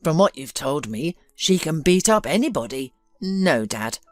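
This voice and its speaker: Woman doing a tired workaholic son, dismissive, lowish voice, lots of pitch movement. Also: very animated, a little slow, no echo, clean studio sound, faint music behind. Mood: weary. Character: weary workaholic businessman son, impatient.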